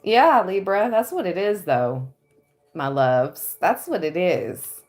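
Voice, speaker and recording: A woman giving a tarot reading on a livestream, dreamy and excitable, often breaking into giggles. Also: lowish voice, slow pace. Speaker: tarot reader.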